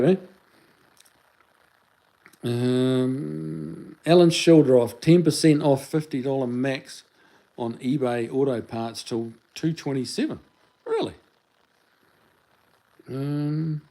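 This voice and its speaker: A man's voice: mid-range voice, lively intonation, slow pace, gravelly, dark tone, poor audio. A New Zealand man hosting a casual live stream, rambling along as he reads viewer comments aloud into a phone he holds in his hand. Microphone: phone held in hand.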